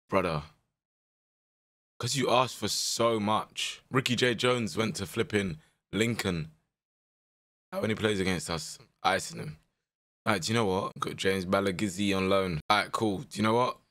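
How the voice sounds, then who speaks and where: Excitable young man with a strained voice. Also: lowish voice. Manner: animated, exclaiming, slangy banter. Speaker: gaming content creator. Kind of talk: casual gameplay commentary.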